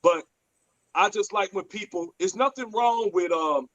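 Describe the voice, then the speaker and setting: A man's voice: sits high, unhurried, dull audio. A man, telling stories bluntly and profanely in a casual podcast chat. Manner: blunt, profane, animated storyteller.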